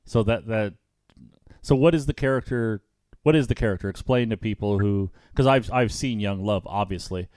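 A man's voice: lowish voice, darkish tone, dry recording, clean studio sound. Easygoing man hosting a podcast. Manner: easygoing, chatty, quick to laugh. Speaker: podcast host. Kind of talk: casual podcast interview.

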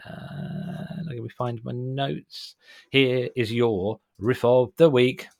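A British man hosting a music podcast, joking and swearing in a casual, deadpan way. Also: medium pitch, slow, creaky, no room sound. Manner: jokey, sweary, deadpan disclaimers. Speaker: podcast host. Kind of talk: casual chat.

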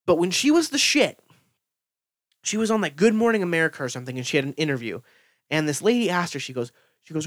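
A man's voice: on the high side, quick pace, long pauses, no echo, clean studio sound. A young man ranting casually, full of fillers and swearing. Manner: profane, filler-heavy, excitable storytelling. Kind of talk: casual rant.

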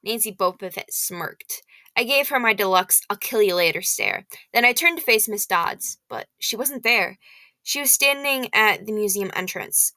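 A woman reading a novel aloud in expressive first-person storytelling. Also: medium pitch, no echo.

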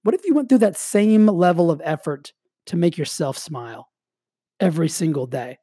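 Casual, energetic motivational man. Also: a little high, moderate pace, slightly rough, no echo, studio quality. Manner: energetic, casual, heavy use of "like". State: slight cough. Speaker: motivational speaker. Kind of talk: motivational monologue.

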